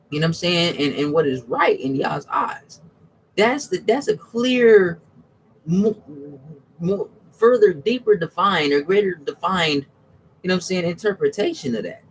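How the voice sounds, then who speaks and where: A religious commentator talks casually about religion in a slangy, restless monologue, often restarting sentences and repeating "you know what I'm saying." He's animated, swinging from low mutters to high exclamations, over a slight hiss or hum.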